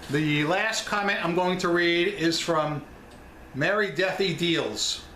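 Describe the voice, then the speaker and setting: A man's voice: a little high, slow pace, sharp tone, roomy sound, a little hiss or hum. A man with a New York accent, talking straight to his viewers about selling online in a blunt, emphatic way. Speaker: online seller vlogger. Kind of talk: casual chat.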